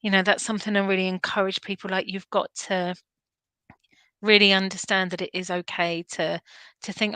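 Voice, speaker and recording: A woman's voice: mid-range voice, little pitch movement, normal speed, bright, forceful tone, clear, resonant tone, dry recording. A woman in an informal interview, speaking earnestly and animatedly about self-care, with frequent restarts and laughs. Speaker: guest, veterinary nurse and canine behaviourist.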